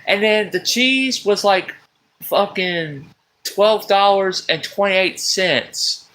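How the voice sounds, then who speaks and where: A man, ranting on a live stream from a table at home, exasperated, swearing often and breaking into loud outbursts. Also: high-pitched, slow, rough recording. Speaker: livestream host. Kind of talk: rambling live-stream rant.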